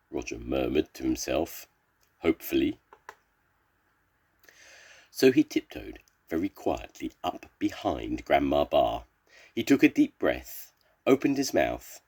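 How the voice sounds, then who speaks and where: An older man, a grandfather, reading a children's story aloud in a slow, expressive storybook way. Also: a bass voice, breathy edge.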